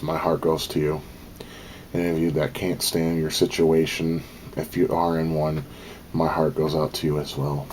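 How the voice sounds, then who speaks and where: A man's voice: rumbling low, a little mellow, a little hiss or hum. A man talking casually to camera in a vlog, rambling with lots of ums and slipping into profane venting, a little out of breath. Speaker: vlogger.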